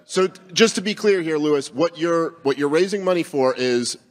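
A man's voice: on the high side, lively intonation, moderate pace, in a large hall. A man co-hosting a comedy podcast, cutting in with jokes and clarifications.

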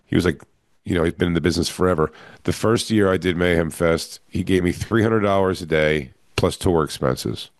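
A man's voice: deep voice, a little fast, no room sound, clean studio sound. A middle-aged man, a comedian, telling a long casual anecdote with crude language and acted-out quotes. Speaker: comedian and podcast co-host. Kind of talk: casual storytelling chat.

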